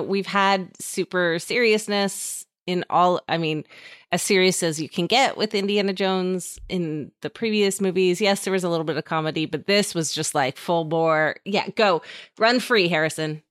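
A woman's voice: on the low side, no echo, studio quality. A woman chatting casually about a movie, often chiming in with short agreement.

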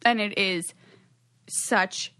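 A young woman co-hosting a podcast, telling stories in a rambling way with lots of fillers and quick laughs. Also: medium pitch, steady tone, bright, forceful tone, smooth, dry recording. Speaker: podcast co-host. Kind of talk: casual chat.

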